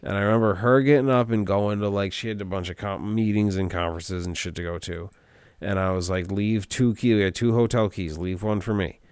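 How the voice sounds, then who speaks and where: A man's voice: lowish voice, fairly even intonation, a little fast, darkish tone, clear, resonant tone, dry recording. A man co-hosting a podcast, telling a story in a loose, profane way full of "like". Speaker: podcast co-host. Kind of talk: casual podcast chat.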